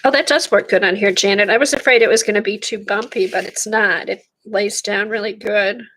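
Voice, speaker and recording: A woman's voice: medium pitch, fairly quick, fairly bright tone. A middle-aged woman chatting casually with viewers by name while she works on a craft project during a livestream. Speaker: art livestream host.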